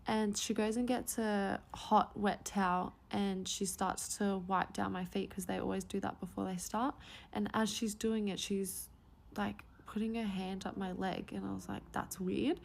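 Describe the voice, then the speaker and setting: A woman telling a personal story in a chatty, animated way, full of "like" fillers. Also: mid-range voice, moderate pace, gravelly. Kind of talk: storytime vlog.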